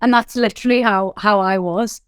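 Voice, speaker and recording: She's an English company founder from Liverpool, with the accent to match, giving a candid guest interview. Storytelling comes out fast and animated, her smooth, resonant, mid-range voice dotted with "like" and "you know" throughout. The audio is captured dry and close-up.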